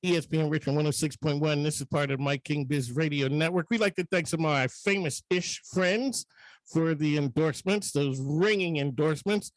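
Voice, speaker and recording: A man's voice: a little high, moderate pace, dry recording. A male radio host talking in a joking, rambling, chatty way in a studio. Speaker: radio talk show host. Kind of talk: casual radio talk.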